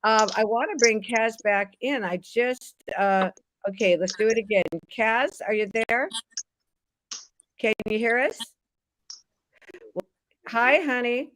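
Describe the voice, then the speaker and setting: A woman's voice: fairly high pitch, slow pace, pauses often, poor audio. Affectionate woman hosting a livestream. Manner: warm, calls guests "honey", gets teary. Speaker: host.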